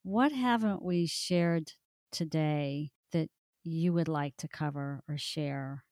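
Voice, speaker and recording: A woman's voice: sits low, slow pace, a little mellow, dry recording, studio quality. A woman hosting a podcast, asking questions and affirming her guest. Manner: affirming, encouraging. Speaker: podcast host. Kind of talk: interview questions.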